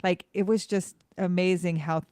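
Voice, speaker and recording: A woman in her forties co-hosting a podcast, telling a lively story and acting out the voices she quotes. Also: fairly low pitch, normal speed, clear, resonant tone, dry recording, studio quality. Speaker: podcast co-host. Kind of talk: casual interview chat.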